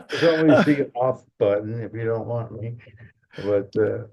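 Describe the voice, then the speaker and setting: A man's voice: on the low side, slow pace, gravelly, lo-fi sound. Chuckling older man telling stories. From Detroit. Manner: chuckling, rambling anecdotes. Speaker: guest, drum company co-founder. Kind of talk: casual storytelling.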